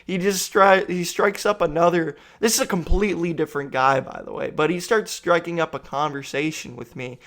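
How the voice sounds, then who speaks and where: A young man with a slightly high voice rambles through a comic rant. He sounds worn out and exasperated, swearing freely as he tells his story. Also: steady tone, a little fast, hardly any pauses, fairly bright tone. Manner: tired, exasperated, profane storytelling. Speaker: vlogger.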